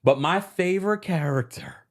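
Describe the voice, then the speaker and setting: A male host talking through a TV recap in a chatty, opinionated way. His pitch jumps around a lot, and he sounds playful and easy. He laughs often as he talks. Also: animated, normal speed, slight background noise. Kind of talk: casual pop culture recap.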